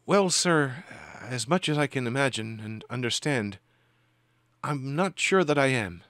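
A man's voice: mid-range voice, animated, a little slow, a bit bright, no room sound, studio quality, voice pushed up. A man voicing a timid young female spirit who speaks hesitantly and politely in a tabletop game. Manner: hesitant and deferential, says sir.

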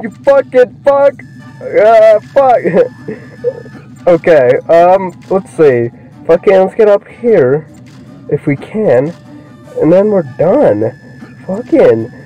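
A young man doing let's play commentary, excitable, swearing constantly and yelling at the game. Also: sits high. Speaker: gaming video creator. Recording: muffled lo-fi mic with game music. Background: game music.

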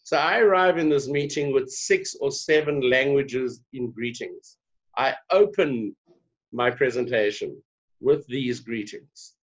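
A South African diversity trainer, guesting on a podcast interview, tells stories conversationally in a middle-pitched voice at a slightly slow pace. He's animated and slips into little voices to act out the dialogue of people in his anecdotes. The recording is somewhat dull and lo-fi.

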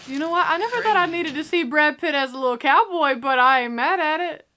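A young woman hosting a movie reaction, in sassy, excitable casual commentary that talks back to the screen. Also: sits high, a little fast, a little hiss or hum. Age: young adult.

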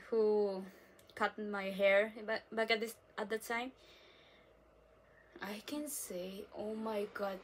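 A young woman from the Philippines speaks to her camera in an unhurried, chatty way, and her slightly high voice swings into dramatic outbursts and laughter. She tells childhood stories as a casual vlogger. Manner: animated, self-described dramatic, lots of fillers and laughs.

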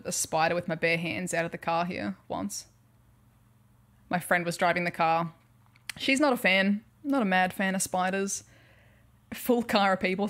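Chatty Australian woman streaming a game. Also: lowish voice. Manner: chatty, laughs often, tells stories animatedly. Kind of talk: casual livestream chat while gaming.

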